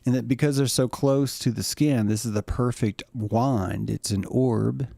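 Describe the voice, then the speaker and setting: A man's voice: mid-range voice, fairly even intonation, unhurried, vocal fry, mellow, no room sound. A man hosting a show, giving a rambling comedic monologue in a profane way and breaking into laughter at his own jokes. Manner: rambling, profane, keeps cracking himself up. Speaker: host.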